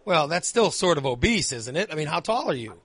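A man's voice: on the high side, very animated, a little fast, a bit bright, slightly rough. A man hosting a call-in chat, blunt and teasing, with crude humor. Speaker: host.

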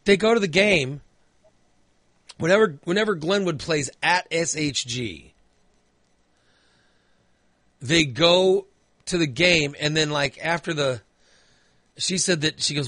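Lively, high-voiced rambling man. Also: slow, pauses often, no room sound. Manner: rambling, filler-heavy storytelling with frequent restarts. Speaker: storyteller in a conversation. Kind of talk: casual chat. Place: indoors at a computer.

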